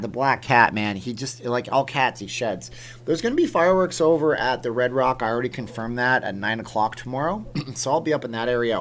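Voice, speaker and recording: A man's voice: medium pitch, fairly bright tone, a little hiss or hum. A man from Canada hosting a late-night livestream, chatting casually and reacting to viewer comments as he reads them. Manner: chatty, rambling, reacts aloud to chat comments. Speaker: livestream host. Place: home room with green screen.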